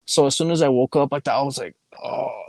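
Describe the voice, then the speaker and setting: Speaking at a moderate pace, this young podcast co-host has a medium-pitched, gravelly, slightly mellow voice. He rambles through a lengthy story in relaxed chat, cursing often and breaking into frequent laughter. The podcast microphone recording has no room sound.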